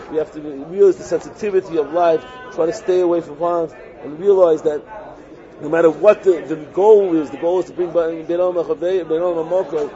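A man giving an informal Torah talk, animated and repetitive, often acting out what other people say. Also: fairly high pitch. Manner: animated, repetitive, acts out quotes. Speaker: religious teacher. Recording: muffled recording with crowd noise.

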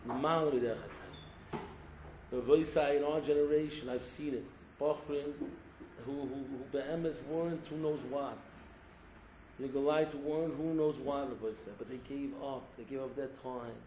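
A man's voice: mid-range voice, normal speed, darkish tone, reverberant, dull audio, a little hiss or hum. A man giving an impassioned Torah sermon, exhorting his listeners and returning again and again to the same form of address. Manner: exhorting, repeats a refrain of address, mixes Hebrew terms. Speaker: rabbi giving a Torah talk.

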